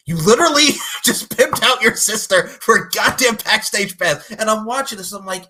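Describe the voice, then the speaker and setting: A man's voice: high voice, fairly quick, sharp tone, breathy edge. A young man on a podcast, casually recapping a movie with lots of swearing and acted-out character lines. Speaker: podcast co-host.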